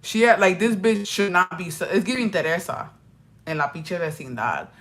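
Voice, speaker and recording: Young woman vlogger, animated, profane storyteller who slips into Spanish. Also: fairly low pitch, moderate pace. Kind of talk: get-ready-with-me chat.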